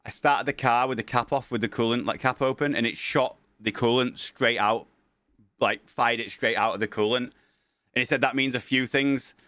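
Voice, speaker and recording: Guy on stream telling a story, acts out the dialogue, bright voice, dry mic. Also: medium pitch, moderate pace, no echo. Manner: animated, acts out quoted dialogue. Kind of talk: casual storytelling.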